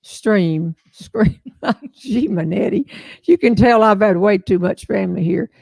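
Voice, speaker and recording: A woman's voice: medium pitch, lively intonation, unhurried, gravelly, darkish tone, slightly rough, no echo. An older woman with a Southern American accent, chatting folksily with viewers as host of a casual livestream. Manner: folksy, chatty storyteller, laughs often.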